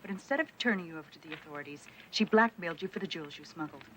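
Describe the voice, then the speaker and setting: A woman's voice: low-pitched, lively intonation, very fast, slight background noise, rough recording. An actress playing a firm, level-headed female police detective who reasons things out.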